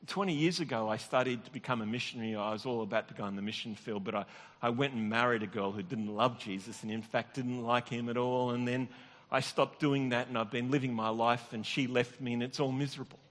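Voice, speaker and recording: A man's voice: mid-range voice, steady tone, a little fast, fairly bright tone. A middle-aged man, a pastor, telling a personal story in a conversational, self-deprecating sermon with restarts and chuckles. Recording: long reverb of a large hall.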